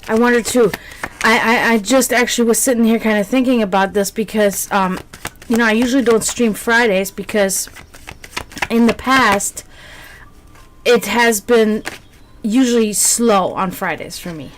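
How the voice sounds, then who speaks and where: A woman's voice: fairly high pitch, normal speed, a little hiss or hum. A woman streamer chatting casually with her viewers, rambling with many fillers and restarts.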